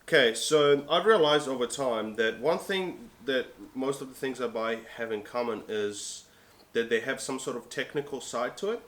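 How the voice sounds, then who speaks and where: A man from Italy chats casually in an interview about what he collects. His delivery is relaxed and easily amused, built from loose, halting phrases at an ordinary pitch for a man.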